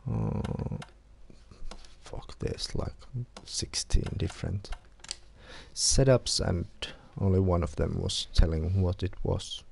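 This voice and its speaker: A man's voice: low voice, slow, vocal fry. A man, streaming a racing game with wry, self-mocking commentary and free swearing. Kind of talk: casual gameplay livestream commentary. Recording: loud racing game engine noise behind voice. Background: racing car game sounds.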